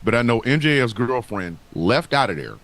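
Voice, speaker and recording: A man talking wrestling on a podcast, cursing freely and hammering his points home. His voice swings widely in pitch as he rants, rising sharply when he gets worked up. He sits at a middling pitch for a man. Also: very animated, normal speed, a bit bright. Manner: profane, heated and emphatic. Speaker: podcast co-host. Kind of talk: casual wrestling talk.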